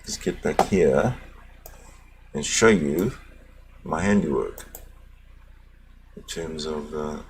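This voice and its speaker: A man's voice: a bass voice, slow, long pauses, slight background noise. A man hosting a casual livestream, muttering to himself as he clicks around and signs off with teasing sarcasm. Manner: muttering to himself while navigating a screen. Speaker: livestream host.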